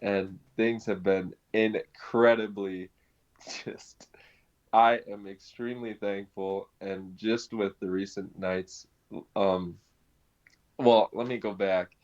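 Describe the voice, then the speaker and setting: A young man telling his conversion story in casual conversation, animated, laughing often and restarting his sentences. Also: on the low side, takes it slowly. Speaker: guest sharing his conversion testimony. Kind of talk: conversational personal testimony. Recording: dull lo-fi sound.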